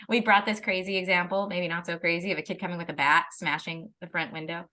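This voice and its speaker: Animated, bright-voiced woman talking parenting. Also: lowish voice, a little fast. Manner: animated, restarts often, laughs while talking. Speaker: parenting educator. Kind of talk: casual conversation.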